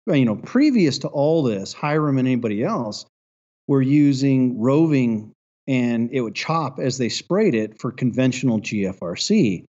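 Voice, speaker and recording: A man's voice: medium pitch, mellow. A man hosting a casual chat, thoughtfully adding to a point. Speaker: podcast host. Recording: dull lo-fi audio.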